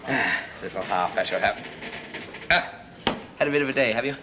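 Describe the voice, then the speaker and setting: In a mid-range, everyday-sounding voice with lively intonation at normal speed, a male actor plays a chatty, fussy 1970s sitcom pub landlord who confides while chattering and giggling at his own gags. Background noise and studio audience laughter are audible.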